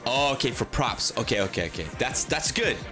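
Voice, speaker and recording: A man's voice: medium pitch, expressive, brisk, over music. A man hosting a casual livestream interview, rambling and chatty, acting out quotes and talking to his chat. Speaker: livestream host.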